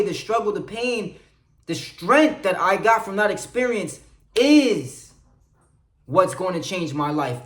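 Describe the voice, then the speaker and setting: An earnest man delivers a motivational sermon-like monologue, his voice sitting slightly high for a man. He moves between hushed confiding and loud, pressing encouragement. The recording has a noticeable roomy echo. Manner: earnest, preachy, swings between soft confiding and loud urging. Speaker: motivational vlogger.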